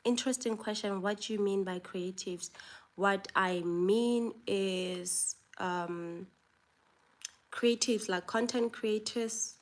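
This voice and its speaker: South African woman hosting a live chat, unhurried, reads comments aloud and answers them. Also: medium pitch. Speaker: livestream host.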